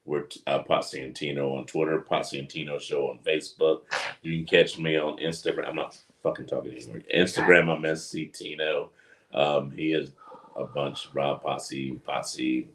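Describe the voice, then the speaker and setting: A man's voice: a bass voice, steady tone, normal speed. A man co-hosting a casual chat show, blunt and profane, teasing his partner. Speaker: podcast co-host.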